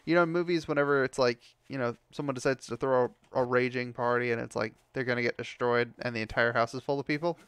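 A man's voice: medium pitch, fairly even intonation, fast, hardly any pauses, a bit bright, clear, resonant tone, no room sound. A young man giving casual commentary while playing a game, ranting and swearing when things go wrong. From United States. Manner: frustrated ranting, heavy swearing. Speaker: gameplay commentator.

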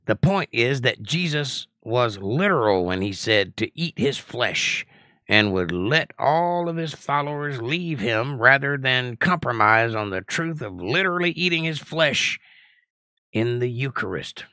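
A man's voice: mid-range voice, animated, unhurried, pushed and bright, dry recording. A middle-aged man hosting a live-stream Bible study, reading viewer comments aloud and answering them in a blunt, assertive, lecturing way. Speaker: Bible study teacher and host.

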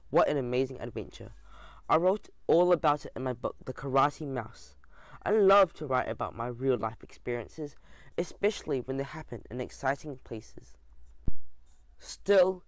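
A man narrating a children's audiobook in an expressive, lively storytelling manner, with the odd small slip. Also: mid-range voice, dry recording. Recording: dull dry lo-fi sound.

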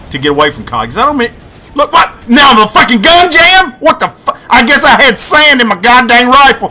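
A young man giving crude, excitable gameplay commentary, swinging between yelling and muttering. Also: sits high, slight background noise.

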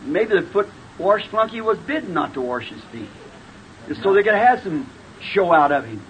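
High-voiced fervent man preaching. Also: very animated, moderate pace. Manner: fervent, emphatic, bursts into shouts. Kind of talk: sermon. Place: church before a responding congregation. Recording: dull old tape with faint hiss.

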